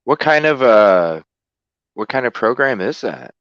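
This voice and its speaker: A man in casual chat, reacting with short questions and laughs in a slow, lively voice. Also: mid-range voice, no echo. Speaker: podcast co-host. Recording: dry, dull lo-fi sound.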